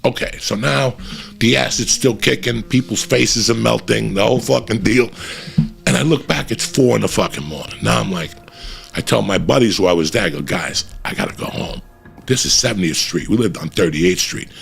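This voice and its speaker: A middle-aged man telling a profane, animated story in a casual way and acting out the voices of the people in it. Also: lowish voice, brisk, creaky, soft background music. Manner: profane, animated, acts out voices in his stories. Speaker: comedian storyteller.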